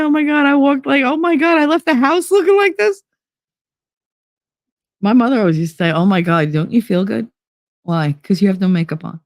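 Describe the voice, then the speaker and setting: A middle-aged woman talks in an even mid-range voice, spinning casual stories for her podcast. She swears a lot and laughs through her stories. The sound is dry and close to the mic. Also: medium pitch, no room sound. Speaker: podcast host. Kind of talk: casual storytelling monologue.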